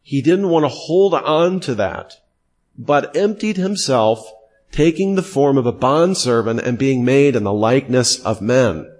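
A man's voice: medium pitch, animated, unhurried, a little mellow. A middle-aged man teaching a theology class, asking pointed questions and repeating key terms for emphasis.

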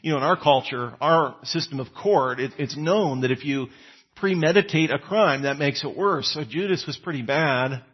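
Husky preacher man, conversational sermon. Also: normal speed, lo-fi sound. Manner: conversational, acts out quoted lines with rising pitch and volume.

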